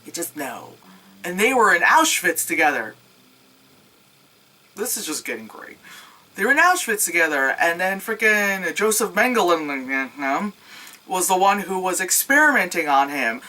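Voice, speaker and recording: A woman's voice: on the low side, measured pace, rough recording. A woman giving a casual, sarcastic movie recap, swearing freely. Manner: animated, sarcastic, swears freely, acts out scenes with yelps. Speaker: movie reviewer.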